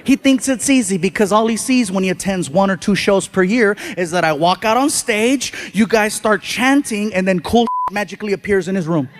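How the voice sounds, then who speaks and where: A man with a high, bright voice works a live comedy stage, telling stories. He jumps in and out of the voices of the people in his tales with lively, animated energy, speaking into a handheld stage mic. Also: moderate pace, hardly any pauses. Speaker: stand-up comedian. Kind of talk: stand-up comedy storytelling.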